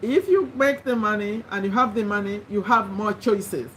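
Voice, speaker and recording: A woman's voice: medium pitch, moderate pace, a little hiss or hum. A woman hosting a motivational live stream, speaking in an earnest, encouraging way, repeating phrases and often restarting sentences.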